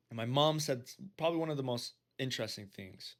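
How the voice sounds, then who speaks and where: A man's voice: medium pitch, expressive, a little fast. A man speaking earnestly and directly to his viewers, sharing a personal testimony and urging them on like a preacher. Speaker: faith-based self-help video host.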